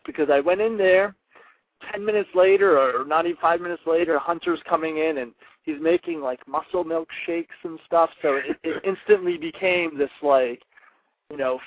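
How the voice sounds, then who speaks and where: A young man, a wrestler guest on a radio show, telling stories in a casual, animated way and laughing now and then. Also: on the high side, moderate pace, low-quality recording. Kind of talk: casual radio interview storytelling.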